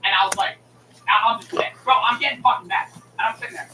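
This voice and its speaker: A man's voice: sits high, fast talker, sharp tone. A man streamer in a casual, heated rant, swearing and acting out both sides of a phone call. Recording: echoey room mic from a distance with noise.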